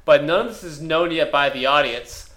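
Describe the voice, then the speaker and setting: A man co-hosting a comedy podcast, rambling and deadpan as he riffs on an imagined movie. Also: a little high, normal speed. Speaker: podcast co-host. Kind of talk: casual comedic chat.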